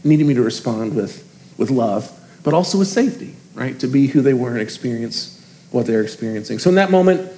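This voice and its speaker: A man's voice: medium pitch, lively intonation, brisk, mellow. A man in his thirties, a pastor preaching a sermon in an earnest, confessional, conversational way, speaking directly to his congregation.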